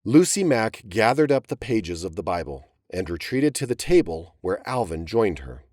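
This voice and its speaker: A man giving dramatic, expressive narration of a historical audiobook story. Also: on the low side, slight background noise.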